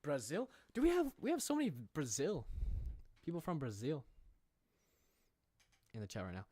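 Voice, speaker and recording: A man's voice: fairly high pitch, huge pitch swings, normal speed, long pauses, dark tone, breathy edge, no room sound, studio quality. A young American man streaming from home, chatting casually with viewers in a playful, rambling way and reading the chat aloud. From United States. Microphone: studio microphone.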